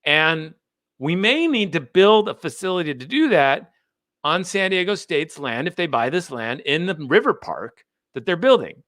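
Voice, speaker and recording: An American man talks politics as host, emphatic and fired up. His voice sits a little high and comes out bright and forceful. The sound is dry, with no room around it. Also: very animated, moderate pace, no room sound. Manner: fired up, emphatic, laughs at himself. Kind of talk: animated livestream commentary.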